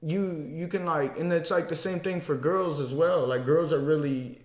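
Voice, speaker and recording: A man's voice: fairly high pitch, moderate pace, reverberant. A young man from Missouri, a podcast guest and amateur kickboxer, telling stories in casual chat with lots of swearing and restarts. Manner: profane, rambling, animated storytelling.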